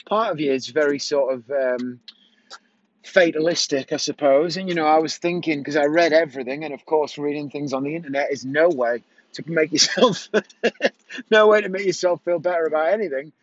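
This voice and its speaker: A man with a fairly high voice talks in a candid, rambling vlog, often stopping to correct himself. He records on an earphone mic, and the sound is dry and a little dull. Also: moderate pace, dry recording. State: has the hiccups. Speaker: vlogger.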